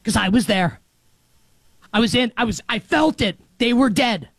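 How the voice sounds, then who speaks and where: A man from New York hosting a sports show, delivering an animated, emphatic monologue that swings between loud highs and muttered lows. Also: moderate pace, dry recording. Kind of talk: excited sports commentary monologue.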